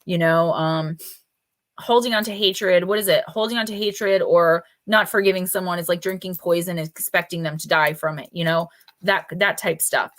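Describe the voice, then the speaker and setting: A woman's voice: on the low side, fairly even intonation, moderate pace. A woman hosting a live oracle card reading stream, talking casually and informally and calling out viewers by name. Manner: chatty and informal, with loose fillers and mild swearing.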